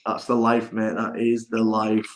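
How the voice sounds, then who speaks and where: Loud bantering man hosting a livestream. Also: on the low side, completely flat delivery, a little slow, poor audio. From United Kingdom. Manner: loud, banter-heavy, laughs often. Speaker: host. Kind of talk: casual livestream chat.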